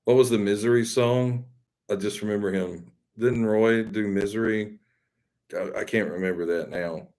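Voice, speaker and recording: A Southern man with a deep, low voice chats loosely with his viewers. He rambles and jokes at his own expense in an easygoing, folksy way. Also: fairly even intonation, normal speed, darkish tone. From Mississippi. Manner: rambling, folksy, self-deprecating. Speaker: live stream host. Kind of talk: casual chat with viewers.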